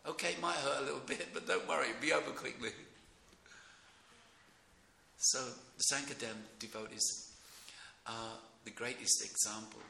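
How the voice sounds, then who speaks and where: A middle-aged man giving an informal devotional class in a temple room, rambling and excitable, often breaking into chuckles. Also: medium pitch, a little fast, gravelly. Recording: echoey room with faint noise.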